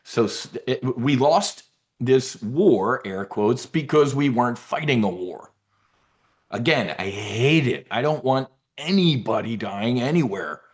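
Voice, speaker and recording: A man's voice: mid-range voice, lively intonation, unhurried. A man hosting a members' briefing, ranting about politics in a combative, profane way and mocking opponents in put-on voices. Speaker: trading newsletter host.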